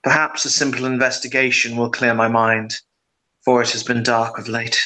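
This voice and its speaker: A man voicing a tall, powerful mage leader who speaks in a weary, measured and formal way. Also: medium pitch, little pitch movement, pushed and bright, natural voice, poor audio. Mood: troubled.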